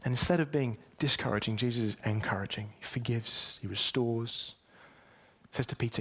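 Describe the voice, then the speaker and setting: A man's voice: moderate pace, breathy edge. A man preaching a sermon, speaking straight to the congregation and building to emphatic peaks. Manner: emphatic, with wide swings in pitch and loudness.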